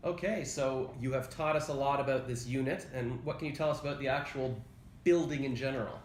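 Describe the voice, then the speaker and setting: A man's voice: mid-range voice, brisk, slight background noise. A man with a joking, self-mocking manner, hosting a casual walkthrough of a condo unit indoors. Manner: playful, self-mocking, exclamatory. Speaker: host touring a condo.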